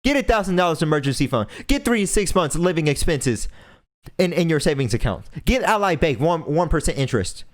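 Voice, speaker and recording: A man's voice: fairly high pitch, big pitch swings, fairly quick. A young man hosting a podcast, delivering an impassioned, preachy rant and repeating phrases for emphasis. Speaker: podcast host.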